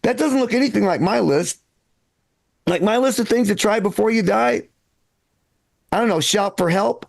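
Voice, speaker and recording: A man's voice: high voice, normal speed, creaky, long pauses. An older man performing a stand-up set, self-deprecating and rambling, often restarting his sentences. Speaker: stand-up comedian.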